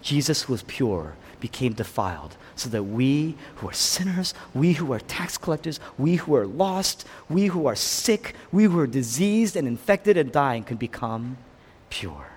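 Impassioned preacher with lively swings. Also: male voice, breathy edge. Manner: impassioned, swinging from loud peaks to hushed lows. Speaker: pastor. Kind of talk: sermon. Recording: long hall reverb.

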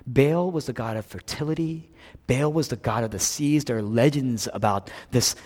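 A man preaching a sermon as a pastor, swinging between loud emphatic lines and hushed low ones. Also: husky. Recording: long hall reverb.

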